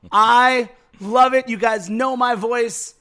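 A man co-hosting a sports podcast, hoarse from the night, hyped and jokey with quick asides. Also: very high voice, sharp tone. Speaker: podcast co-host. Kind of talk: casual sports podcast chat.

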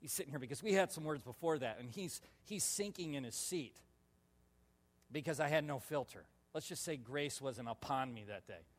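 A male pastor telling a personal story in a sermon, animated and laughing, with sudden loud shouts. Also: medium pitch, normal speed. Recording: long reverb of a large hall.

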